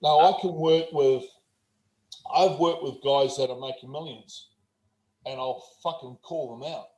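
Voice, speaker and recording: A New Zealand man in his forties, a performance coach telling stories bluntly and with plenty of swearing in a casual interview. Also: a little high. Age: 40s. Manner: blunt, profane, animated storyteller. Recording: roomy echo.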